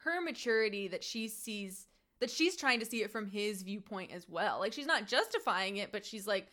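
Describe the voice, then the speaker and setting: A woman co-hosting a casual chat, recapping and discussing an episode in a chatty way. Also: medium pitch. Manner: animated, chatty, quick to laugh. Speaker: podcast co-host.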